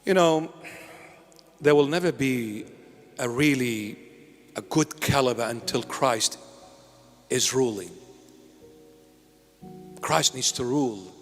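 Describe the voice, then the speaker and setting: Impassioned bishop in a reverberant hall. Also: male voice, mid-range voice, slow, pauses often, fairly bright tone. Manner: impassioned, pleading, with joking asides. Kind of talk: sermon. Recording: long hall reverb with faint music.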